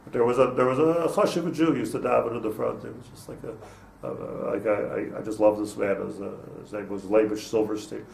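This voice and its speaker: In a loose, digressive class for a few students, an older male rabbi tells stories and uses plenty of Hebrew terms. He talks briskly in a steady, medium-pitched voice with vocal fry and a somewhat dark tone. The mic is distant, the room echoes, and there's faint noise.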